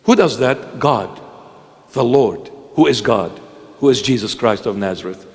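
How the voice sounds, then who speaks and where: A man's voice: mid-range voice, expressive, measured pace, a little mellow, big-room sound. A man preaching a sermon, emphatic and repetitive, firing rhetorical questions at his listeners.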